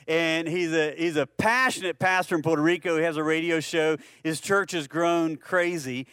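A man's voice: fairly high pitch, steady tone, normal speed, a bit bright, clear, resonant tone, dry recording, clean studio sound. A man preaching a sermon in a conversational way, asking the congregation questions and often repeating words as he restarts. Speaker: pastor.

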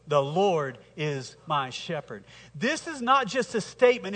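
A male pastor with a high, bright voice preaching a sermon in a church sanctuary. He speaks slowly and emphatically and has the congregation repeat lines after him. The sound carries the long reverb of a large hall. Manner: slow, emphatic preaching with congregation call-and-response.

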